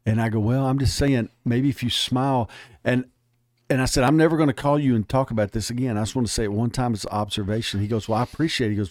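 A man's voice: mid-range voice, fairly even intonation, fast talker, a little mellow, no echo, studio quality. A man speaking as an interview guest, emphatic and plainspoken, telling stories in casual talk.

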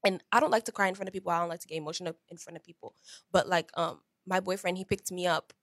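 A young woman in a casual faith discussion, bubbly and quick to laugh. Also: on the low side, fairly even intonation, dry recording, clean studio sound. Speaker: co-host.

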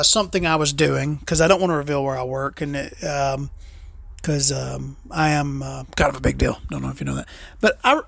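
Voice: medium pitch, creaky, bright, forceful tone, no room sound, clean studio sound. Rambling, profane podcast host. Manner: rambling, profane, tongue-in-cheek storytelling. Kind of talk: casual solo podcast chat.

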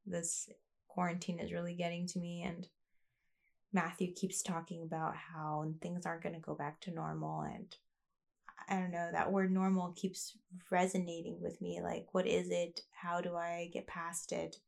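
A woman's voice: on the low side, little pitch movement, moderate pace, vocal fry, a little mellow. A woman talking in a rambling, candid way, as a vlogger sharing a personal rant. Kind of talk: casual confessional monologue.

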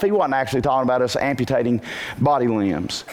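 A man preaching a sermon to a congregation, animated, asking rhetorical questions and breaking into bursts of shouting. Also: mid-range voice, fast. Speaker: pastor.

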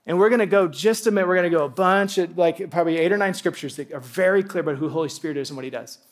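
Guy preaching in church, high voice, gets all worked up then goes quiet. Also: rapid-fire. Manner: animated, excitable, swinging between loud and hushed. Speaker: pastor. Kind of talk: sermon.

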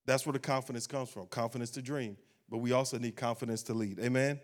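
A man's voice: medium pitch, steady tone, fast. A man, a pastor preaching a sermon at a church service and closing in a rising, fervent prayer.

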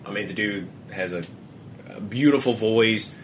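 A man's voice: fairly low pitch, normal speed, a little hiss or hum. A young man co-hosting a podcast, rambling casually with frequent restarts and a lot of swearing. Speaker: podcast co-host.

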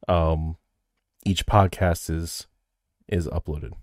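Deep-voiced crude joking man. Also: normal speed, long pauses, darkish tone, no echo, studio quality. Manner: crude, joking, laughs often. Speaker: podcast co-host. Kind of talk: casual podcast chat.

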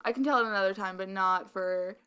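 A woman's voice: medium pitch, a little fast, bright, forceful tone, clean tone. A young woman co-hosting a podcast in casual chat, rambling with lots of filler words and a slight mumble. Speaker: podcast co-host.

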